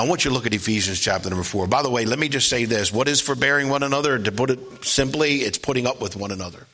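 A man preaching a sermon as pastor, emphatic and repetitive, often asking the congregation "Amen?" and reading scripture slowly. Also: lowish voice, pushed and bright. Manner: emphatic preaching, frequent call-and-response "Amen?", repeats key phrases; reads scripture slowly and deliberately.

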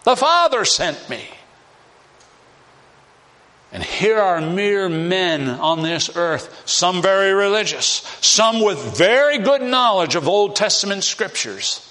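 A man's voice: sits high, lively intonation, unhurried, hardly any pauses, bright, forceful tone. A man preaching a sermon on scripture. He repeats key phrases with emphasis and acts out the scenes he describes. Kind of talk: expository sermon.

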